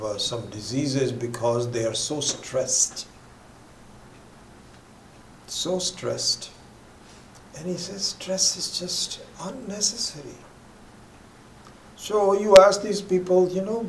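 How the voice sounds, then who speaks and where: A man's voice: a little high, darkish tone, a little hiss or hum. A man teaching a scripture class, rambling with many fillers and restarts, sometimes dropping almost to a whisper. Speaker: spiritual teacher. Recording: echoey room with faint ambience.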